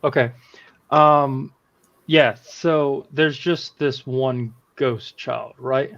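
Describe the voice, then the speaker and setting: Slow-speaking man, lo-fi sound. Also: medium pitch, steady tone, vocal fry, fairly bright tone. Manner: unhurried, asking questions. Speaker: player. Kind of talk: tabletop game play.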